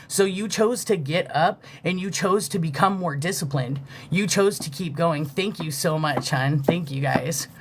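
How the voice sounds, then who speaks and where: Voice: medium pitch, unhurried, fairly bright tone, a little hiss or hum. A live-stream spiritual reader speaking casually and from the heart, swearing freely, leaning on fillers, and stopping to thank viewers. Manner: thanks viewers for gifts mid-reading.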